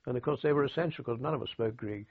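Over a tinny, telephone-like recording, a British war veteran in later life speaks in a gravelly mid-range voice with a breathy edge. He recounts his wartime radio work in anecdotes, dryly funny and prone to halting restarts.

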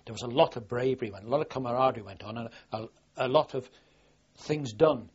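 An older man from southwest England tells his story in a rambling, plain-spoken way, often restarting his sentences. His voice is very husky and rough, at an ordinary middle pitch. The sound is dull and muffled, like an old archive recording. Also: fast. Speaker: war veteran interviewee. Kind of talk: oral history recollection.

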